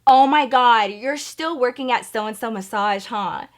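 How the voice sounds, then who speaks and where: A woman doing a syrupy young woman who squeals her surprise far too high. She gushes and overplays every word, as a storyteller puts her on. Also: unhurried, natural voice. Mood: sugary. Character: fake-sweet young woman, gushing.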